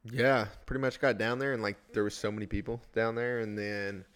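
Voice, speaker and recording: A man speaking as a podcast guest in a relaxed, plain-spoken casual chat. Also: fairly low pitch, fairly quick, smooth.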